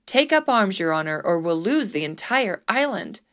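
A woman voicing a rowdy crowd of prankster townsmen, shouting and taunting. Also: medium pitch, big pitch swings, moderate pace. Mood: urgent.

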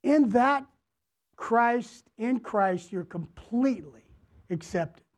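Slow, deliberate male pastor preaching. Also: extremely high pitch, animated. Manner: slow, deliberate preaching with repeated phrases and questions to the congregation. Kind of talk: sermon. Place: church, before a congregation.

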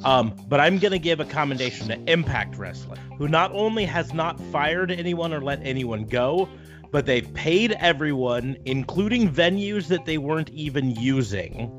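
A man's voice: a little high, animated, normal speed, over music. A man hosting a podcast, teasing his co-hosts in a dry way and steering the chat. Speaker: podcast host.

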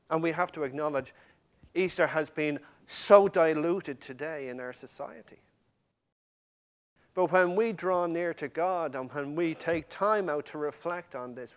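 With a fairly high-pitched voice, a man preaches passionately to the congregation, alternating booming emphasis with soft lines that are close to a whisper.

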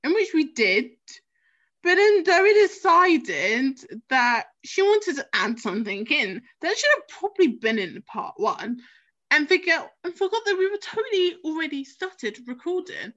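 A young woman co-hosting a podcast, talking in a chatty, animated way. Her voice sits high. The recording sounds muffled and lo-fi. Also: measured pace. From South East London. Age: young adult. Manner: chatty, animated storyteller with frequent laughs. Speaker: podcast co-host. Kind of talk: casual chat. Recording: dull lo-fi recording.

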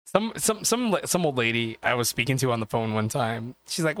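A man's voice: medium pitch, lively intonation, a little fast, hardly any pauses, a bit bright. A man on a casual podcast, cursing freely and laughing as he rambles through stories. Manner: profane, rambling storyteller who laughs often. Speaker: podcast co-host. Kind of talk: casual chat.

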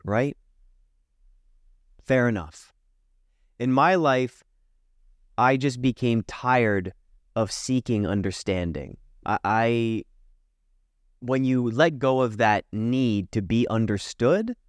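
A man hosting a spoken self-help podcast, talking casually and reflectively, acting out inner doubts with sudden jumps in pitch. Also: a little mellow, no room sound, studio quality. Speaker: anxiety coach and podcast host.

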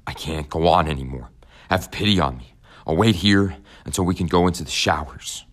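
A weak, frightened old father pleads to be left alone to rest, his voice low and tender, as a deep-voiced narrator gives him voice. The tone is faint and drained, like a man at the end of his strength. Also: brisk. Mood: weary pleading.

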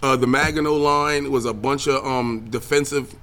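This is a casual solo podcast rant by a young man who hosts the show and also streams. His voice is mid-range and his speed normal, and he swears freely and stays animated while covering video games and the news, trailing into fillers constantly.

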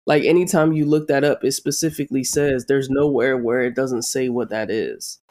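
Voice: medium pitch, steady tone, moderate pace, a little mellow. A podcast co-host in casual chat, emphatic, repeating points and swearing often.

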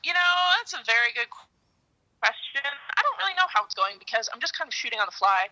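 A woman being interviewed about cycling across the country, telling her stories in a lively, animated way with sudden high-pitched bursts. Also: fast talker, rough recording. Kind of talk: casual phone-style interview chat.

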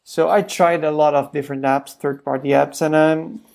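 A podcast co-host in their thirties in casual tech chat, often pausing and repeating words while thinking. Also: medium pitch, steady tone, gravelly, darkish tone. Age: 30s.

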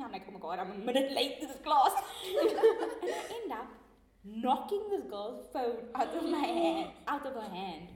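A teenage woman, co-hosting a student podcast and telling a story with laughter and lots of expression. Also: sits high. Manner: laughs through her story, lively and expressive. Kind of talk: animated storytelling. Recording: echoey room.

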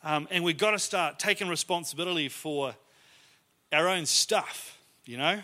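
A man's voice: on the high side, moderate pace, bright, forceful tone. A man preaching a sermon in a church, telling stories in a conversational, self-deprecating way. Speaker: pastor.

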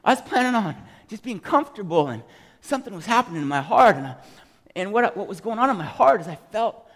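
A man giving an emotional, animated testimony as a sermon, telling his story to a congregation. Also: sits high, fast talker, big-room sound.

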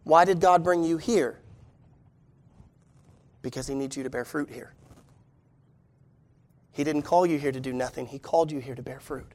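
A man's voice: fairly high pitch, moderate pace, long pauses. A pastor preaching a sermon to his church, emphatic and full of rhetorical questions.

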